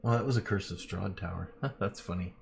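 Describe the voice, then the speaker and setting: A man running a live-streamed tabletop game, his voice very low and full of gravelly fry. He narrates casually, with lots of "uh"s and quick laughs. A faint noise sits behind him. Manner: loose, lots of fillers, laughs easily. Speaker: game master.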